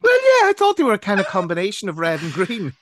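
A man's voice: high-pitched, huge pitch swings, fast talker, a bit bright, dry recording, clean studio sound. A man in his forties with a Northern Irish accent, co-hosting a podcast and telling rambling personal stories. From Northern Ireland. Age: 40s. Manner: rambling, anecdotal storytelling. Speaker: podcast co-host. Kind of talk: casual chat.

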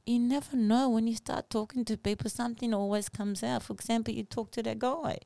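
A woman's voice: on the high side, a little fast, vocal fry, dry recording. Earnest storytelling woman podcaster. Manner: animated, earnest, simple phrasing. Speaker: podcast co-host. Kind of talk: casual chat, storytelling.

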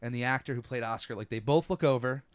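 A young man hosting a podcast, telling stories in a casual, animated way. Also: mid-range voice, slight background noise. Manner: animated storyteller, quick asides. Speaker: podcast host. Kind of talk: casual chat.

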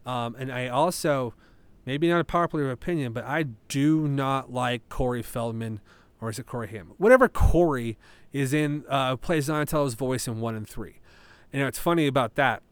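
A man's voice: mid-range voice, moderate pace, smooth, dry recording. A man in his thirties hosting a casual solo podcast, rambling with lots of fillers and casual swearing. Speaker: podcast host.

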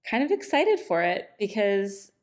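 A middle-aged woman talks slowly and unhurriedly into her podcast microphone. She chats off the cuff in a relaxed, rambling way, often pausing on "like" and "um". Her pitch sits in an ordinary middle range. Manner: relaxed and chatty, many "like"s and "um"s. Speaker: podcast host and divorce coach.

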